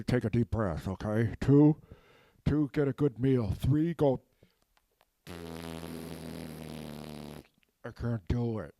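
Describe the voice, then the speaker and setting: A man playing a rambling male orc who gives a scattered, sidetracked pep talk, shifting into a soft, soothing coaching voice. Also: on the low side, no room sound, clean studio sound, lightly acted. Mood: earnest. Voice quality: meandering, easily sidetracked. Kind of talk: improvised comic monologue.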